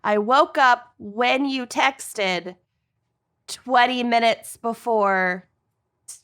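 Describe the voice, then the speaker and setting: A woman's voice: on the high side, extremely slow, fairly bright tone. A woman co-hosting a podcast in casual, self-deprecating chat with friends. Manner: laughing, self-deprecating banter. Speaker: podcast co-host.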